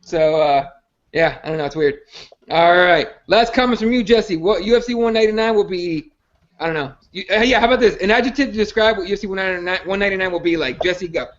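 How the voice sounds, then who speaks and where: A man's voice: sits high, fast, dull audio. A man hosting a casual podcast about fighting. He rambles and swears, stumbling over restarts. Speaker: podcast host. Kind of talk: casual MMA chat.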